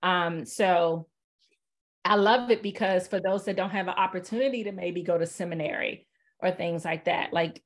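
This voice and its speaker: A woman casually presenting software in a webinar, chatty and relaxed, with many fillers, over a video call. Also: fairly low pitch.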